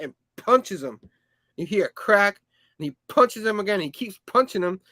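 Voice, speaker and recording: A man's voice: high-pitched, normal speed, pushed and bright, dry recording. A man hosting a comic book review show, retelling issues casually in a rambling way, with lots of fillers and hummed sound effects.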